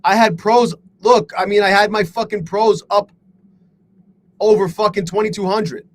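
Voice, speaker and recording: A man's voice: high voice, fairly even intonation, normal speed, low-quality recording. A man live-streaming his day trading, talking to his chat in a frustrated, self-deprecating way and swearing a lot.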